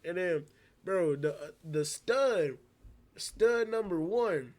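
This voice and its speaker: Speaking slowly in a noticeably high voice, a young man tells his stream a casual story through a streaming setup microphone. He rambles in loose, slangy bursts and animatedly replays every exchange.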